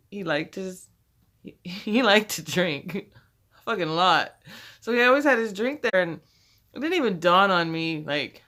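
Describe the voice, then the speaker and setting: A woman's voice: fairly low pitch, fairly bright tone. A woman casually telling a personal story, rambling and profane, laughing often as she goes.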